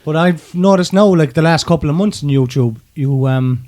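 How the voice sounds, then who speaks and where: A man with a notably high voice jokes around in casual podcast banter. He talks loosely, laughing between remarks. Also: moderate pace, a little mellow. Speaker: podcast co-host. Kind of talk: casual banter among friends.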